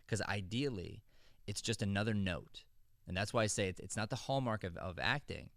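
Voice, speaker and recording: A man's voice: lowish voice, normal speed, a bit bright, dry recording, clean studio sound. A middle-aged man hosting an acting podcast, talking in an earnest, rambling way with frequent restarts. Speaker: acting coach and podcast host. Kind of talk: casual podcast chat.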